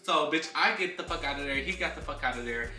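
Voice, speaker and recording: A man's voice: fairly high pitch, fast talker, pushed and bright. Sassy young man telling a messy story. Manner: sassy, dramatic, swears a lot. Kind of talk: casual storytime. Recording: roomy, from a distance, faint music.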